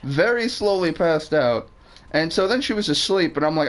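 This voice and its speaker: A man's voice: fairly high pitch, lively intonation, moderate pace, poor audio. Rambling, foul-mouthed male streamer. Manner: rambling, swears freely, restarts sentences. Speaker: game streamer. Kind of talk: casual storytelling while gaming.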